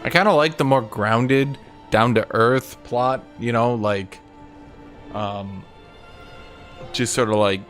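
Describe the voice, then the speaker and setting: A man's voice: medium pitch, takes it slowly, pauses often, a bit bright. A man streaming a game, talking casually in a rambling, profane, sarcastic way. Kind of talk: casual gameplay commentary. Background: game music.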